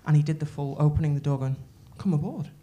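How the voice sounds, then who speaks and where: Rapid-fire and low-voiced, a woman does stand-up on a comedy club stage with a handheld mic. She tells a rambling, excitable story peppered with swearing and restarts.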